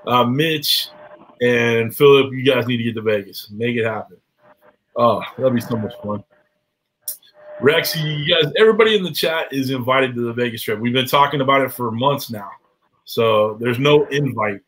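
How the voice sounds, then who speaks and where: A man's voice: medium pitch, moderate pace, a bit bright, rough recording. A man hosting a live show, chatting loosely with guests and viewers, swearing and laughing often. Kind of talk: casual live-stream chat.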